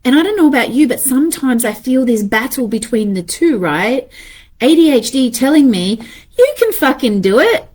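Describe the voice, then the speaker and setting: A woman's voice: a little high, lively intonation, normal speed, darkish tone, slightly rough. A woman in her thirties talking casually and animatedly to viewers about ADHD, swearing freely and acting out her inner voices.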